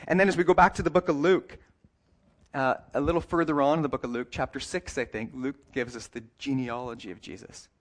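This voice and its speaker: A male pastor delivering a sermon at a middle pitch, loose and chatty, correcting himself mid-sentence and tossing in small jokes. When he reads scripture he slows right down and lingers on each phrase. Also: steady tone. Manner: conversational preaching with self-corrections and light humor; reads scripture passages slowly and deliberately.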